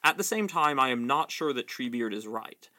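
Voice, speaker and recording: A man's voice: mid-range voice, expressive, bright, forceful tone. Man doing a grave old wizard, Gandalf. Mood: weary. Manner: grave and measured. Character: stern, patient old male wizard.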